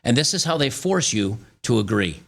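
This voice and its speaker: A man's voice: medium pitch, very animated, moderate pace, gravelly, a bit bright. A man from the United States hosting an opinion commentary, reading news aloud and reacting, often stumbling and restarting. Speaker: channel host.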